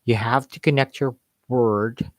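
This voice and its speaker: A man who learned as a teaches in an unhurried, measured way. He often circles back to repeat a point for emphasis. His voice sits at an ordinary pitch and sounds dry and close. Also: steady tone, no room sound. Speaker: English accent coach. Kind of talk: unscripted teaching talk.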